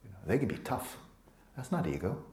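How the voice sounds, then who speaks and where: A man teaching meditation to a retreat group, relaxed and playful, often sinking into a soft whisper and teasing students by name. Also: mid-range voice, brisk. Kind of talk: dharma talk to a retreat group. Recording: echoey room with faint ambience.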